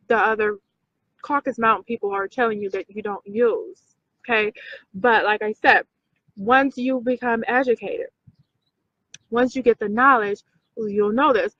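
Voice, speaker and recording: Woman, high bright voice, slow emphatic talk, repeats herself, dry lo-fi sound. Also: no room sound. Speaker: video host. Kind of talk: casual talk to viewers.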